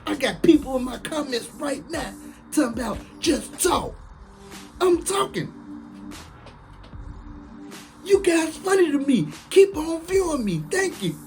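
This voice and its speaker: Slow, preachy man. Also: very high-pitched, soft background music. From Chicago, USA. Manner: emphatic, preachy, sounds like shouting even when calm. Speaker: online commentator. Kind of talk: casual live-stream monologue.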